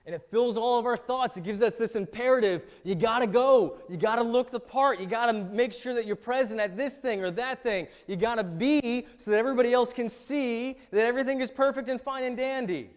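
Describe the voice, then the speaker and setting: Man, pastor, sermon, high voice, joking and conversational, long church echo. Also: fairly quick, few pauses. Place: church sanctuary.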